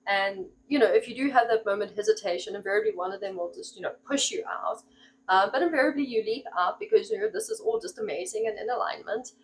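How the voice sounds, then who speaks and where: A woman's voice: medium pitch, fast talker, slight background noise, poor audio. A woman talking casually on her own channel as a spiritual practitioner, rambling with fillers and laughing as she acts out little exclamations. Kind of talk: casual solo monologue.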